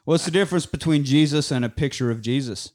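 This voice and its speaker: A man's voice: fairly high pitch, fast, a little mellow. A man casually recapping a film on a podcast, swearing a lot, laughing and acting out the lines. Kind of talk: casual profane chat.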